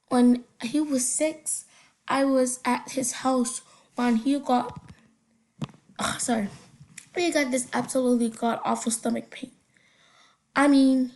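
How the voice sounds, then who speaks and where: Slow, giggly young woman reading aloud. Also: on the high side, warm tone. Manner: halting read-aloud with slips and giggly asides. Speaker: reader of funny stories.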